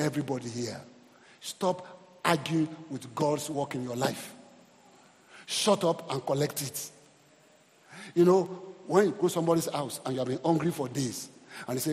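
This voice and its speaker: A male pastor preaching an animated sermon and calling out for responses from the congregation. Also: fairly high pitch, big-room sound.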